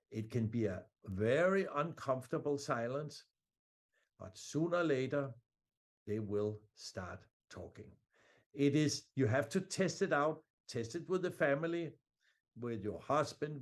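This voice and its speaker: A man who speaks as a gives an online sales training talk. He coaches his listeners directly and with energy. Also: mid-range voice. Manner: energetic, coaching, uses "amigos". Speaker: conference speaker.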